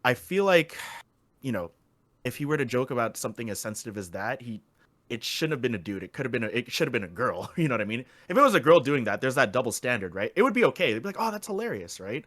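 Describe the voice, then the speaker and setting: A man's voice: mid-range voice, big pitch swings, quick pace, fairly bright tone, dry recording. A man co-hosting a casual podcast chat, rambling with lots of fillers and swearing freely. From Philippines. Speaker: podcast co-host.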